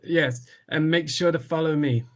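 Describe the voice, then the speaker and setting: A man's voice: fairly high pitch, normal speed. A man co-hosting a podcast in casual chat, hesitant and joking, with many fillers. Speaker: podcast co-host.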